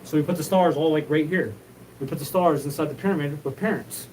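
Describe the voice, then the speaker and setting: A man's voice: on the high side, a little fast, a little mellow, distant mic, a little hiss or hum, rough recording. A man hosting his own show, talking in a rambling, repetitive, profane solo monologue. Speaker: show host.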